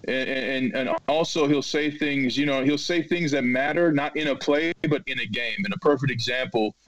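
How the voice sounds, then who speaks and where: A man in his thirties, a retired football player, telling stories as a podcast guest and acting out quotes loudly. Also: medium pitch, normal speed, muffled recording, a loud crowd. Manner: animated storyteller, acts out quotes loudly. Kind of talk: storytelling in a podcast interview.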